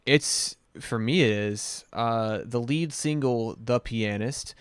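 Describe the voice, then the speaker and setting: Smooth-voiced man hosting a music stream. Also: mid-range voice, slow, dry recording. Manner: easygoing, rambling with many fillers. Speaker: livestream host and musician. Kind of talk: casual live-stream chat.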